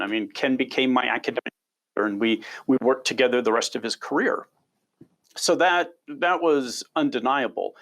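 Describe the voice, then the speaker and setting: A man's voice: mid-range voice, a bit bright. A middle-aged man, a biology researcher, answering interview questions as an enthusiastic storyteller who often repeats words when starting a sentence.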